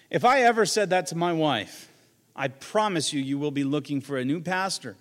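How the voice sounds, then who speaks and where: A man's voice: a little high, lively intonation, moderate pace, fairly bright tone, big-room sound. A man, a pastor, preaching a sermon in a conversational way, with joking asides and quoted lines he acts out.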